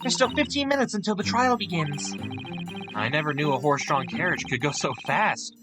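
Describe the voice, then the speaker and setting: Guy doing a polite young woman voice, higher and bouncy, very formal. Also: animated, fairly quick, loud music behind the voice, natural voice. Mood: earnest. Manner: courteous, eager, formal. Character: polite, earnest young Japanese woman assistant.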